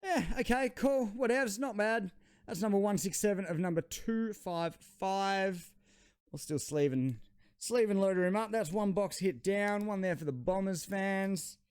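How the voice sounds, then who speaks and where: An Australian man chatting his way through a card unboxing, rambling and joking at his own expense. His voice sits a bit high and sounds smooth and resonant, and the recording is close and dry with no room echo. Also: a little slow, a little mellow. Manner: chatty, rambling, self-deprecating. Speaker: trading card channel host. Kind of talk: casual unboxing commentary.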